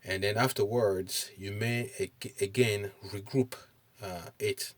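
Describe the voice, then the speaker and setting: Man, middle-aged, language teacher, lowish voice, hesitant with fillers, asks okay often. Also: steady tone. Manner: hesitant, many pauses and fillers, checks in with "okay?". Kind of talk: recorded online lesson.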